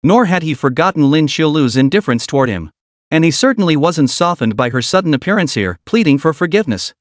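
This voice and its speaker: A man's voice: fairly high pitch, very animated, fast talker, dry recording, clean studio sound. A man narrating a comic recap as a dramatic story.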